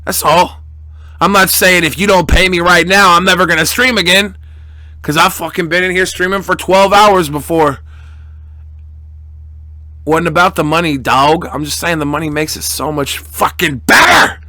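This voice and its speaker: A man's voice: high voice, moderate pace, bright, forceful tone, no echo, clean studio sound. A young man live-streaming, thanking donors in crude, profane, mock-angry banter with his chat. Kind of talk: casual live-stream chat reading donations.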